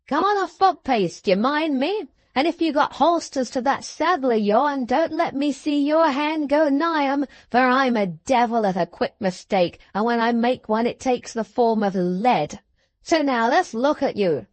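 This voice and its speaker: A woman voicing a gruff, suspicious coach guard who barks threats and challenges in a dry, close-sounding recording. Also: sits high, lively intonation, unhurried, no room sound, pitched above the performer's own voice.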